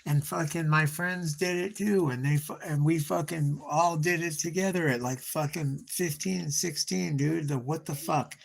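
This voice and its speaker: A man's voice: on the high side, normal speed, creaky, few pauses. A middle-aged man streaming himself drawing, telling rambling nostalgic stories in profane slang and calling his listener bro and dog. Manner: nostalgic storytelling, trailing off and restarting. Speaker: artist streaming live. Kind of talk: rambling casual monologue.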